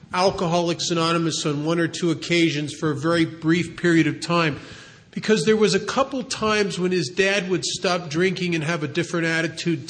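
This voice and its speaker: A man telling a long recovery story in a halting way, repeating words and slowing down to stress key moments. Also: on the high side, fairly bright tone. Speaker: recovery speaker. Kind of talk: storytelling talk.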